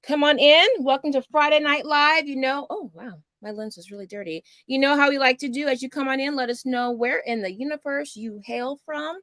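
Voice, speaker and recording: A woman's voice: high voice, a little fast, few pauses, a bit bright, no room sound. A middle-aged woman from Houston, hosting a casual homeschool livestream in a chatty, rambling way. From Houston, Texas. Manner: chatty, upbeat, rambling with fillers. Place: small home studio.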